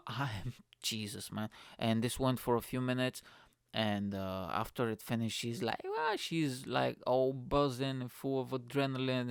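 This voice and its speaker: A man's voice: medium pitch, gravelly, clean tone, no room sound, studio quality. A male comedian hosting his own podcast, telling a rambling, profane, self-mocking story in a casual monologue.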